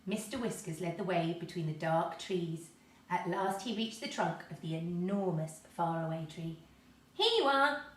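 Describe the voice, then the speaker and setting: A woman reading a children's story aloud, lively and expressive. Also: lowish voice, normal speed. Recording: echoey room, mic at a distance.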